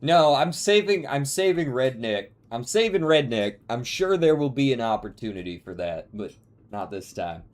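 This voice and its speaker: A man's voice: medium pitch, lively intonation, moderate pace. A man streaming a video game who chats casually and jokingly, reading game text aloud in put-on voices. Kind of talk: casual gameplay commentary.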